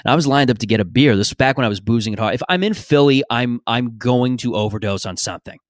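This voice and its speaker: A man's voice: mid-range voice, quick pace, no room sound, studio quality. A man hosting a podcast in a casual, rambling, opinionated monologue, swearing freely. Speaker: podcast host.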